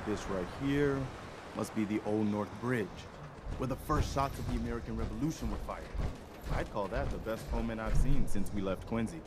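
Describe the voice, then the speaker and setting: An actor playing an earnest, dutiful male militia leader in a video game, speaking in a steady, sincere way. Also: fairly low pitch, moderate pace, over music, close to an everyday voice. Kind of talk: game character dialogue.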